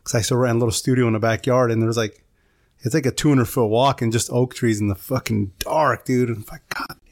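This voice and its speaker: A man's voice: medium pitch, steady tone, brisk, a little mellow, no room sound, studio quality. A man co-hosting a podcast, telling a story in a casual, rambling way and saying "dude" a lot.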